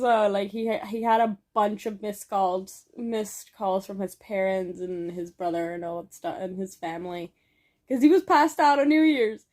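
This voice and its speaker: A woman's voice: medium pitch, darkish tone. A young adult woman telling a casual story in a vlog, rambling with many fillers and swearing now and then. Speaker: vlogger.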